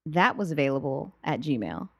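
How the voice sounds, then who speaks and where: A woman's voice: low-pitched, big pitch swings, moderate pace, vocal fry, dry recording. A woman hosting a podcast, chatting in a talkative, conversational way. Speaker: podcast host. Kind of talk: casual chat.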